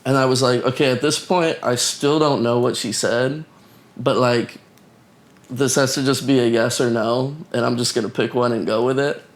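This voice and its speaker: A man's voice: medium pitch, fairly even intonation, normal speed. A young man telling, for a wedding film, how he met his fiancée, easygoing and self-mocking, full of "like" and "um". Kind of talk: casual storytelling to camera. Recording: music playing behind.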